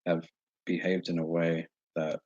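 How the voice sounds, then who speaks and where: A man talking straight to his viewers in a casual monologue, earnest and halting as he searches for words. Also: low voice, level tone, a little mellow, no room sound. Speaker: vlogger addressing viewers. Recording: dull lo-fi recording.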